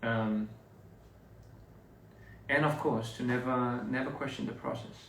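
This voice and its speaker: A man muses on a casual live stream, his speech slow and drifting off into half-mumbled asides. His voice has a gravelly edge. The phone mic sits back from him in an echoey room with faint ambience behind. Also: medium pitch, steady tone, a bit bright, distant mic, slight background noise. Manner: slow, reflective, trailing off into mumbles.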